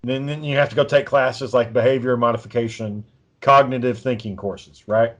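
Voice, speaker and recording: A man's voice: medium pitch, steady tone, normal speed. Profane rambling man, lo-fi sound. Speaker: podcast co-host. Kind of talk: casual storytelling chat. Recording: dull lo-fi recording.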